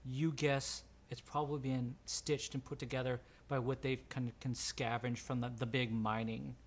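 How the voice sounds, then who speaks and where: A man's voice: medium pitch, flat delivery, normal speed. A man narrating a tabletop role-playing game as game master, rambling and filling his descriptions with ums and restarts.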